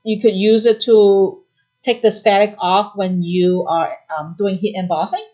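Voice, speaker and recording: Chatty woman, middle-aged, doing a live craft shop demo, talks fast with lots of ums. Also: medium pitch, fairly even intonation, mellow. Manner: quick, chatty explaining with fillers. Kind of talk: live product demo chat.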